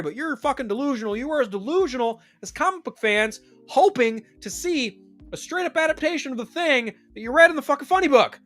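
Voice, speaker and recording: Animated, profane man ranting about movies. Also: extremely high pitch. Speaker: streamer. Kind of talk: casual movie news rant.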